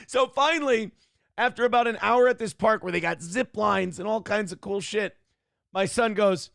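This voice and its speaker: A man's voice: sits high, moderate pace, gravelly, a bit bright, no room sound, studio quality. A man in his thirties hosting a live morning show, telling a family story in casual chat, swearing freely and laughing as he goes. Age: 30s.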